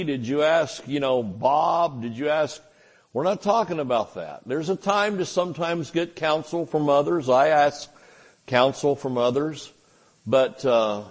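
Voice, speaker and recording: An older man preaching a sermon at a Bible study, folksy and chuckling, acting out little voices as he goes. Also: mid-range voice. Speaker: pastor. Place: church.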